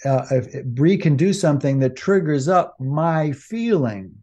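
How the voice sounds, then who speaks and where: A man's voice: on the high side, expressive, a little slow, dark tone. A man co-hosting a podcast, talking casually with many fillers and restarts. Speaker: podcast co-host.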